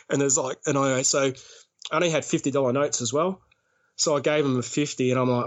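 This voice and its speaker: A man's voice: mid-range voice, steady tone, quick pace. An Australian man, a podcast guest, rambling through a story and laughing often as he talks. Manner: laughs often while telling stories, rambling. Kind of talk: casual storytelling.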